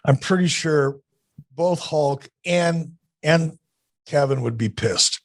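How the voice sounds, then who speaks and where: A man's voice: fairly high pitch, slow, gravelly, no room sound. A man in his sixties, a podcast guest, telling laid-back stories with dry humor in casual chat.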